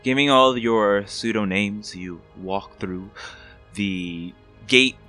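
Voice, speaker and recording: A man's voice: on the low side, slow, sharp tone, faint music behind. A man narrating a tabletop game as game master, describing scenes loosely with many fillers.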